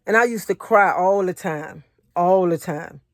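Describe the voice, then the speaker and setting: A woman's voice: on the low side, unhurried, dry recording, clean studio sound. A married woman giving a motivational faith talk, repeating her points earnestly and sharing her own testimony in casual speech. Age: adult, married. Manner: repetitive, earnest, conversational preaching; personal testimony in casual vernacular. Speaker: faith encourager.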